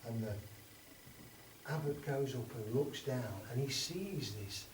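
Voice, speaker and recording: A man's voice: mid-range voice, expressive, takes it slowly. An English man telling a folk tale to listeners, dramatic, dropping into whispers and rising for effect. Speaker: storyteller. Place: storytelling event. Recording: roomy sound from far off with background noise.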